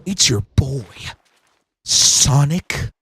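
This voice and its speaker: A man's voice: on the high side, expressive, extremely slow, gravelly, pushed and bright, slightly rough, dry recording, voice pushed down, heavily acted. A man doing an impression of a cocky male cartoon hedgehog hero, with brash, showy self-introductions.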